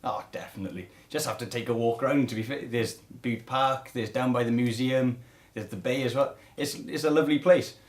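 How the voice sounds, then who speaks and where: Welsh-accented male musician guest, relaxed, modest, chatty. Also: medium pitch, brisk. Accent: Cardiff Welsh. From Wales. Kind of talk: casual interview answers.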